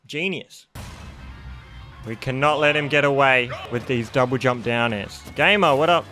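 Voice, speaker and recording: A young man giving excitable live commentary while playing a fighting game, reacting loudly to plays. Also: medium pitch, moderate pace, faint music behind. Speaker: gaming streamer.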